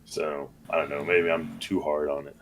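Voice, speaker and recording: A man's voice: a bass voice, little pitch movement, moderate pace, a little hiss or hum. A man co-hosting a movie podcast, chatting casually and rambling with lots of fillers and tag questions. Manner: laid-back, rambling, lots of "like" and "right?". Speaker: podcast co-host. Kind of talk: casual chat.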